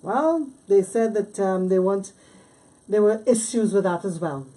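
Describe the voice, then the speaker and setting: A woman hosting a political talk show, speaking in a measured, hesitant way. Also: medium pitch, dark tone, rough recording. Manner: measured, hesitant, with fillers and restarts. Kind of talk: casual political discussion.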